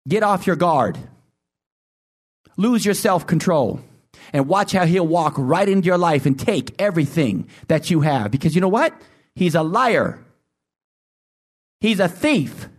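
A male pastor delivers a sermon in a voice pitched a little high. He pushes each point with emphasis and keeps calling out questions to his listeners. His delivery swings from loud, soaring lines to low, intense asides. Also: lively intonation, measured pace, pauses often. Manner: emphatic preaching with call-and-response questions.

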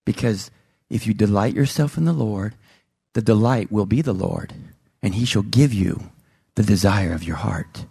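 A man preaching a sermon as pastor, with an emphatic delivery that swings between loud highs and low, slow lines. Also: gravelly, husky, dry recording, studio quality.

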